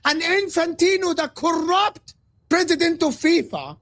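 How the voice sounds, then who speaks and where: A man's voice: extremely high pitch, measured pace, a bit bright. A man from Egypt, a guest football pundit, ranting passionately about football on a live stream and repeating his points.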